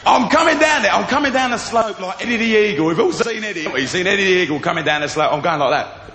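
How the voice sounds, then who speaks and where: A man's voice: sits high, expressive, quick pace, noisy background. A man doing stand-up comedy at a live venue, chatty and playful as he tells stories. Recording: echoey hall with crowd.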